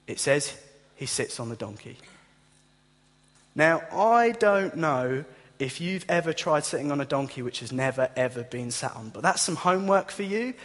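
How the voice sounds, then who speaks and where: A large hall surrounds this man's rather high voice as he preaches. Through animated, humorous stories, he imitates the people he describes.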